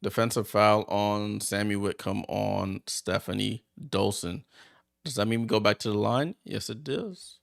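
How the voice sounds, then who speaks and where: A man hosting a watchalong, giving chatty, excitable play-by-play as he reacts aloud to the game. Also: lowish voice, a little slow, vocal fry. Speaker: watchalong host. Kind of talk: casual live play-by-play commentary.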